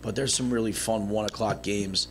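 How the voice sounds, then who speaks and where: A man's voice: lowish voice, fairly even intonation, normal speed, noisy background. A man cohosting a sports radio talk show, breaking down football games in a chatty, loose way. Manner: chatty, many restarts and fillers. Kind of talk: casual sports radio chat.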